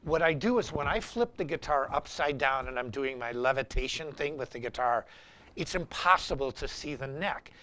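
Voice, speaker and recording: A middle-aged man hosting a live-streamed guitar lesson and talking in an animated, rambling, anecdotal way. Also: mid-range voice, moderate pace. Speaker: guitar teacher and show host.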